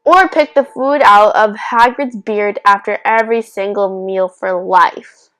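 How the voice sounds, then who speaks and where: A young woman talking casually to her own vlog camera. She rambles and restarts mid-sentence, slipping in giggly little asides as she weighs silly fandom questions. Her voice sits at an ordinary middle pitch for a woman. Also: steady tone, unhurried, sharp tone, rough recording. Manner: chatty, self-interrupting, giggly asides. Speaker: YouTuber. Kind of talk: casual would-you-rather vlog.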